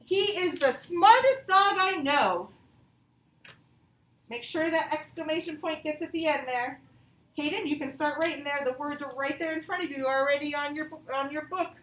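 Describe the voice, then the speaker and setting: A woman teaching a grammar lesson to young pupils, patient and encouraging, reading example sentences out slowly. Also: high-pitched, steady tone, a bit bright. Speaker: elementary school teacher. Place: classroom, also streamed to pupils at home. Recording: echoey classroom from far off.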